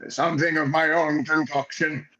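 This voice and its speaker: A crude, swaggering old adventurer , as a man puts him on, barks out folksy insults in a gruff, raised voice. He is jovial and quick to pick a fight. The scene belongs to a tabletop role-play session. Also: a little high, level tone, sharp tone, highs cut off, voice pushed up. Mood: boastful.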